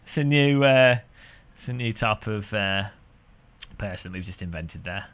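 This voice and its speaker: A man's voice: fairly low pitch, animated, unhurried, a bit bright, smooth. A British man chatting casually and jokily on a sim racing live stream, rambling between topics from a room at home. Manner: rambling, jokey, chuckles often. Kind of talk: casual live-stream chat while gaming.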